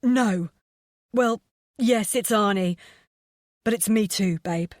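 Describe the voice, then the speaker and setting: A woman voicing a grown man who pleads softly and affectionately with his lover on the phone. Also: mid-range voice, slow, dry recording, studio quality, lightly acted. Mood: teasing.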